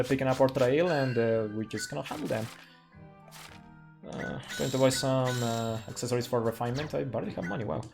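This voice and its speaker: A man in the middle of his own pitch range talks through a speedrun as he plays. He rambles casually with plenty of fillers and small laughs. Faint game music sits low under his voice. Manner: chatty, laughs often, many fillers. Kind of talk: casual live game commentary.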